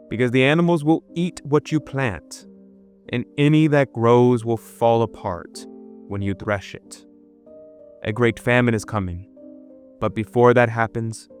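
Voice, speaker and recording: A man reading the lines of a weeping heavenly woman who gives warnings, in a slow, grave and solemn way. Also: medium pitch, close to an everyday voice.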